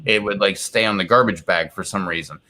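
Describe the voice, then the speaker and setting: A man's voice: low voice, brisk, sharp tone. Rambling man streaming live from home. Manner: rambling storyteller, many fillers and "like"s. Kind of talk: casual live-stream chat. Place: home, indoors.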